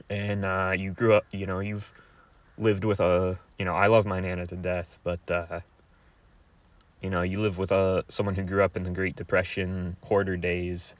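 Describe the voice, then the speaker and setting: A young man talking to his viewers in a crude, rambling monologue, halting with many fillers. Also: deep voice, little pitch movement, dry recording.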